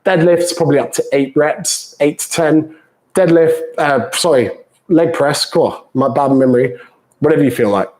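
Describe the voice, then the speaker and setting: A man's voice: on the high side, moderate pace, darkish tone, low-quality recording. A British man, a fitness coach, answering viewer questions live in a chatty, banter-filled way and calling people mate.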